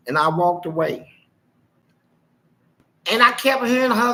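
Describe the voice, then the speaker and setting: A man's voice: high-pitched, moderate pace, long pauses, rough recording. A man telling a personal story on a live stream in a casual, slangy way, acting out what people said. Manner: animated, slangy, acts out the quotes.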